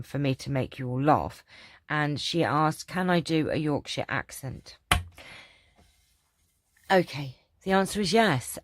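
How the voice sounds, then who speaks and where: An older London woman with a Cockney accent hosts a channel, answering viewer questions in a casual chat. Her pitch is extremely low, and the dry, studio-quality recording captures rambling stories full of ums and restarts.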